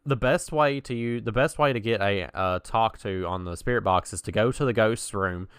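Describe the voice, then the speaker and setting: A young man with a lowish, smooth and resonant voice chats casually on a podcast. He tells stories with easy energy and chuckles at his own jokes. The sound is dry and close, with no room around it. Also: moderate pace, dry recording. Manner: chatty storyteller, laughs at own stories. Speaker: podcast co-host.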